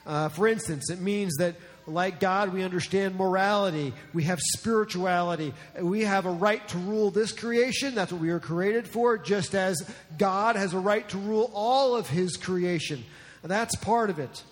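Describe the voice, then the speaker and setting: A man's voice: high-pitched, moderate pace. A man from New Jersey preaching a sermon as a pastor, in a conversational, joking way. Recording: long reverb in a large hall.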